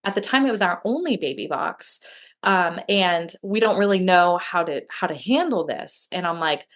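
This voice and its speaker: In a fairly low, animated voice at moderate pace, a woman guest tells the story of her adoption. It's conversational interview storytelling, candid and emotional, with many fillers and false starts.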